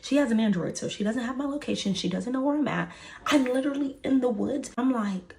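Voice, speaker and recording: A woman's voice: on the high side, fairly quick, creaky. A young woman from Texas telling a personal story in a casual way, acting out the quoted dialogue. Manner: animated, acts out quoted dialogue.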